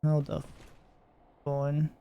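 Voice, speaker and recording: A young man from Scotland with a semi-Glaswegian accent chats casually while streaming a game, rambling and joking with lots of fillers. His voice is on the high side and gravelly, with a completely flat delivery and drawn-out words. The audio is dull with slight background noise.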